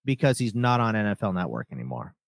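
Animated, joking sports radio man. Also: fairly low pitch, fast talker, dry recording, studio quality. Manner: joking, animated, laughs often. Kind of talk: casual sports talk banter.

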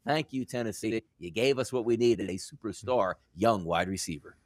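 A man co-hosting a sports talk show, giving a measured, confident breakdown. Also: lowish voice, darkish tone, dry recording, studio quality. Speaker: sports radio co-host.

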